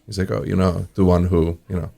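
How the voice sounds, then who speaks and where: In an interview, a restaurant owner tells easygoing stories with a voice that sits low and sounds creaky and mellow. His delivery is flat and fairly quick, and he often chuckles while acting out what people said.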